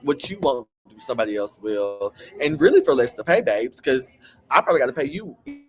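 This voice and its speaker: A man's voice: medium pitch, expressive, fairly quick. Man, host, southern country twang, chatty, sassy, gossipy, casual. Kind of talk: casual chat.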